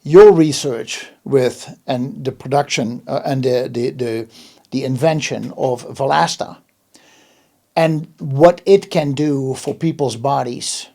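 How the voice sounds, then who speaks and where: A man's voice: medium pitch, takes it slowly, creaky, mellow. A man hosting an interview in casual chat, emphatic and often restarting his words. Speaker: host.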